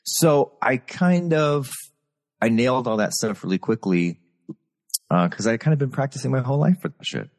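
A man's voice: medium pitch, animated, normal speed, darkish tone, in a large hall. A man from Texas, a guest performer talking candidly in a casual interview over a video call. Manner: candid, storytelling.

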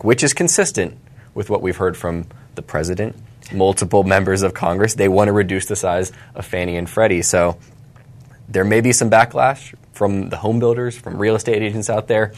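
A man co-hosting a casual finance chat show, upbeat and optimistic in his takes. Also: low voice. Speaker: podcast co-host.

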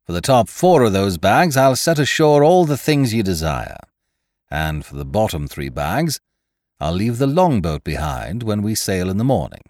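A man voicing a calm, shrewd male sea captain who bargains in an unhurried, commanding way. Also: fairly low pitch, no echo, clean studio sound, pitched above the performer's own voice.

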